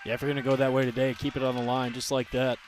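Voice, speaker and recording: A man offers color commentary on a college baseball broadcast, walking through pitches and swings in a relaxed, analytical way. His voice stays flat with very little movement in pitch. Faint outdoor stadium noise sits behind him. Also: racing. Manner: relaxed, analytical, level delivery.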